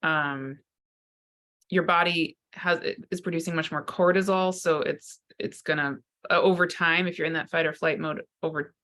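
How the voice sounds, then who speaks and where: A low-pitched, fairly bright female voice with fairly even intonation moves at a normal speed. The speaker, a psychotherapist and spiritual teacher, gives an unscripted spiritual talk to camera, earnest and searching, repeatedly restarting what she says.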